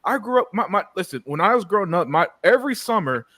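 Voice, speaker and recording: Casual podcast host, a man in his thirties: a bit high, very dry recording, stammers and restarts constantly. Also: quick pace, dry recording. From United States. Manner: animated, stammers and repeats words, swears freely.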